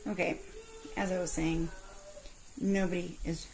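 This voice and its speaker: A woman in her forties ranting in a vlog from her parked car, telling her story with indignant, animated outbursts. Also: on the low side, unhurried, a little hiss or hum, rough recording. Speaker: vlogger.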